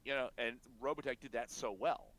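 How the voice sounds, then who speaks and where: A man's voice: mid-range voice, brisk, a bit bright. A man co-hosting a casual anime discussion podcast, filling in details and reflecting thoughtfully, with some hesitations. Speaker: podcast co-host.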